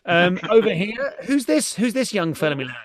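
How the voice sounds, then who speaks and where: A middle-aged British man hosting a live comedy stream. He chats in a fairly high voice that swoops up and down, breaking into giggles and casual swearing. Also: big pitch swings, normal speed, dry recording, clean studio sound. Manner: chatty, giggly, swearing, greets viewers. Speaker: podcast host.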